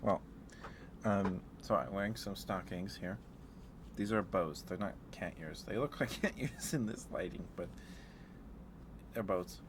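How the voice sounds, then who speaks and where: A man streaming ASMR from home, chatting softly and giggling as he greets viewers by name, close to the mic. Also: low-pitched, normal speed, noisy background. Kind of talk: soft-spoken ASMR live stream chat.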